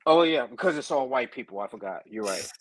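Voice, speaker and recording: A man, chatting casually as co-host in an animated, profane, mocking way. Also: mid-range voice, a little fast, a little hiss or hum, poor audio. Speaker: co-host reacting to trial footage. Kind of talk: casual chat.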